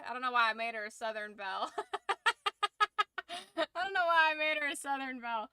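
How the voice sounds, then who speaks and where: A woman's voice: high voice, fairly quick, long pauses, bright, forceful tone, smooth, dry recording. A tired woman streamer chatting casually on a livestream, rambling and swearing freely.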